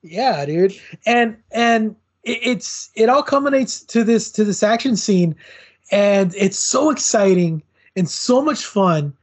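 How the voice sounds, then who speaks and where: A man's voice: sits high, expressive, slow. A man co-hosting a podcast, chatting casually and enthusiastically about a movie, often saying "bro" and "dude". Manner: laid-back, says "bro" and "dude". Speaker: podcast co-host. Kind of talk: casual film review chat.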